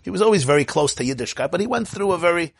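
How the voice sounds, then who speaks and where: A man teaching a Torah class as a rabbi, telling stories and acting out quoted speech with big jumps in pitch and loudness, thinking aloud with restarts. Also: expressive, rapid-fire, no room sound, studio quality. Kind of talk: Torah lecture.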